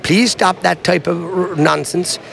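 A man's voice: high voice, steady tone, measured pace, gravelly, a bit bright, a little hiss or hum. A man with an Irish Kerry accent giving an indignant, emphatic election victory speech at a vote count centre. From Kerry, Ireland. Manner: indignant, emphatic, addressing a crowd. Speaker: politician.

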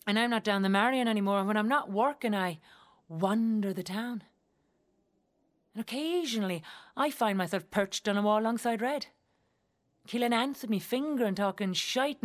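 A woman's voice: medium pitch, natural voice. An actress with an Irish accent performing a theatrical monologue as a young Irish woman who speaks in an earthy, wry and blunt way and swears freely.

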